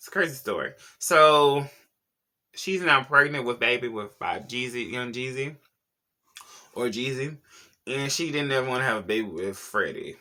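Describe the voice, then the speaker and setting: A man's voice: mid-range voice, sharp tone. A man hosting a casual celebrity gossip vlog, sassy and slangy, talking straight to his viewers. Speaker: YouTube pop culture host.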